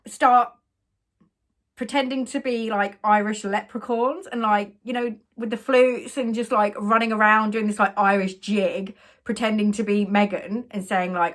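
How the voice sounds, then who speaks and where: Woman telling a story, animated. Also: a little high. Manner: animated, quotes people in their own voices, quick asides. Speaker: makeup artist. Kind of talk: casual storytelling to camera.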